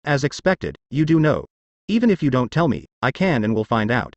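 A man voicing a defiant, ruthless young man in a storybook reading, with an even, unacted delivery. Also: medium pitch, a little fast, dry recording, muffled recording. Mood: contemptuous.

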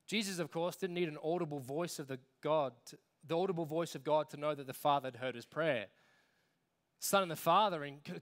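A man with an Australian accent preaching a sermon as pastor, emphatic, with dramatic pauses. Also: on the high side, a bit bright.

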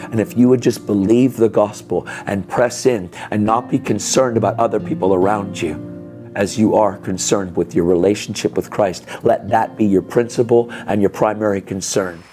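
A man's voice: on the low side, normal speed, warm tone, faint music behind. A man telling a dramatic testimony in a church sermon, speaking casually with "man" and "dude" and acting out the other people's voices. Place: church sanctuary.

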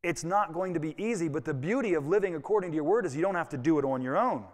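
A man preaches to his congregation in a high voice that carries a long echo through the church. He keeps it conversational and folksy, slipping in personal asides as he goes. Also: expressive, fast talker. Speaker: pastor. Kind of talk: sermon. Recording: long reverb of a church hall.

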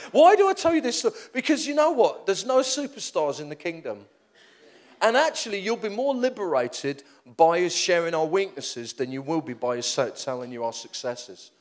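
In a high-pitched voice and at a moderate pace, a middle-aged man preaches through storytelling. He comes across animated and self-mocking, rambling and repeatedly restarting his sentences.

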